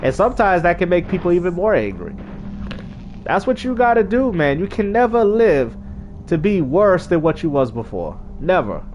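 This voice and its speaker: A man telling a story casually to his stream audience in a slangy, animated way, acting out the quotes with big jumps in his voice. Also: sits high, normal speed, muffled recording, a little hiss or hum. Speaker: gaming streamer.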